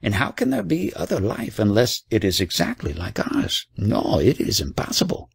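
A man's voice: lowish voice, huge pitch swings, moderate pace, creaky, husky, dry recording, clean studio sound, heavily acted. A man voicing a scornful, narrow-minded tiny male creature who talks in a dismissive, indignant way, in an audiobook reading.

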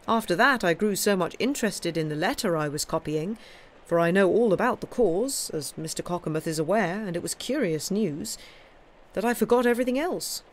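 In a storybook reading, a woman with a lowish, natural voice speaks a little fast and animatedly as a good-humoured young man. He answers his accuser lightly and mockingly, in a cool mood with a lifted tone.

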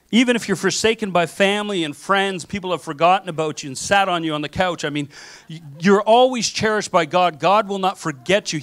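Animated man preaching a sermon. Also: on the high side. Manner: animated storytelling with acted-out quotes. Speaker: pastor. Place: church sanctuary.

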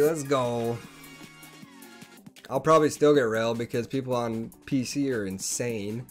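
Young male streamer for PC gameplay, foul-mouthed, veers from low muttering to shouting. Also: a little slow, pauses often, faint music behind. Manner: swings between mumbling asides and yelling outbursts. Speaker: gaming channel host. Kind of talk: profane gameplay commentary.

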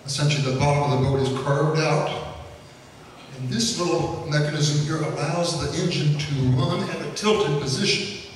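This man's voice sits on the high side, with fairly even intonation and a moderate pace, as he gives a public history lecture full of folksy anecdotes and fillers. The recording, made from afar in an echoey lecture hall, has slight background noise.

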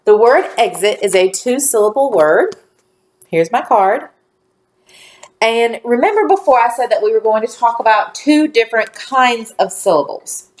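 A woman teacher giving a phonics lesson to young children, speaking slowly and clearly with encouraging praise. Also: a little high, expressive. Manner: slow, clearly enunciated, encouraging.

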